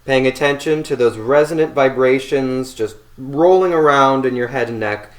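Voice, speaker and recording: A man teaching a seated voice warmup, giving slow, calm instructions between long sustained hums. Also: medium pitch. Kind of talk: guided voice warmup. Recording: roomy echo.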